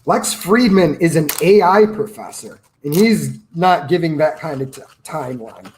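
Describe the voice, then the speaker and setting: A man's voice: fairly high pitch, expressive, moderate pace, a little hiss or hum. A man who runs a personal finance channel, chatting casually and telling opinionated stories with quoted asides. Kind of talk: casual livestream chat.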